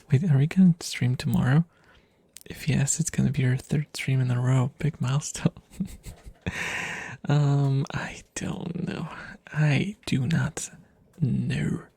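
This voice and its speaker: A man rambling softly to his stream audience in ASMR style, self-deprecating and often slipping into whispers, recorded close to the microphone at home. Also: medium pitch, fairly even intonation, slow, gravelly, pauses often, breathy edge. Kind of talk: soft rambling ASMR chat.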